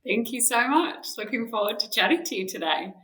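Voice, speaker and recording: Bright, enthusiastic Australian woman. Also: fairly high pitch, expressive, fairly quick, rough recording. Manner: enthusiastic, chatty. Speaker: guest, organisational psychologist. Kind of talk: interview answers.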